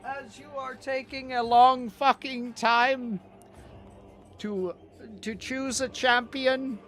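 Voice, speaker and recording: A man's voice: very high-pitched, steady tone, slow, fairly bright tone, faint music behind, pitched above the performer's own voice, exaggerated voice. A man playing a pushy, impatient herald. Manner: pressuring, curt, swears.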